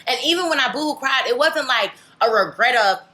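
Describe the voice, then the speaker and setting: A woman's voice: high voice, expressive, brisk, bright, forceful tone. A young woman vlogger chatting candidly to camera, rambling and filling with "like" and "legit". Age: young adult. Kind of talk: casual chat to camera.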